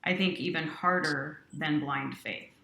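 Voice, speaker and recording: A woman guest recounts a personal story with earnest, animated delivery. Her voice sits low yet sounds bright and forceful. The room around her carries a noticeable echo. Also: a little slow. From Utah. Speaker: company president, guest.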